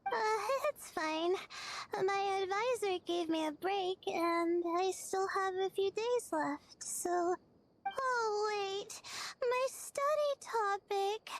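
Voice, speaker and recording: Timid young scholar: very high, slow, flustered, music underneath. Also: female voice. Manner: hesitant, flustered and soft. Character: shy drowsy young woman scholar student.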